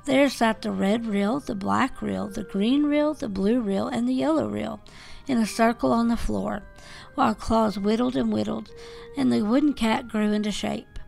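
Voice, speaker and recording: A woman reads a classic fairy tale aloud at a calm, even pace. Her voice is strongly gravelly with a lot of fry. She keeps the reading gentle and measured, and a soft waltz plays faintly behind her. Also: a little high. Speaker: podcast host reading a children's book aloud. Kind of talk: storybook narration. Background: faint waltz music.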